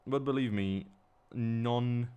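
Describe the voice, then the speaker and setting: A man's voice: medium pitch, slow pace, mellow, clear, resonant tone. A man with an Eastern European accent, a non-native English speaker, chatting casually and swearing under his breath while building a model kit. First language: not English. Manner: mumbling, swearing, talking to himself.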